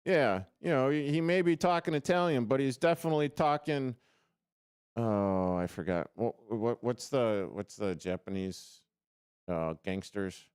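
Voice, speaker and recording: A man's voice: mid-range voice, lively intonation, unhurried, a little mellow, clear, resonant tone, no room sound. A man hosting a casual sports radio show from a studio, rambling and joking at his own expense with lots of fillers. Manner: rambling, self-deprecating, many fillers and restarts. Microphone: studio microphone.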